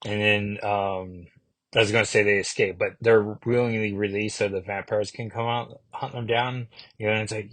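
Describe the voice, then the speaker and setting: A man's voice: fairly low pitch, steady tone, moderate pace, no room sound. A casual man reviewing comics, dry sound. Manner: rambling, with many fillers and self-corrections.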